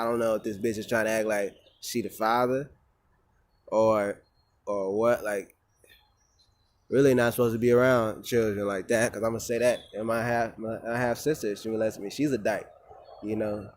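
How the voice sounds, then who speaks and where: A man in a rambling, profane casual monologue who often repeats himself and restarts. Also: lowish voice. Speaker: vlogger.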